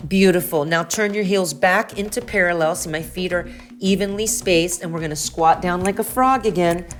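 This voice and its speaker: A woman's voice: on the low side, normal speed, soft background music. Encouraging woman leading a stretching class. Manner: encouraging, praising often, playful. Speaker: children's music and movement teacher. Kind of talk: guided stretching instruction for kids.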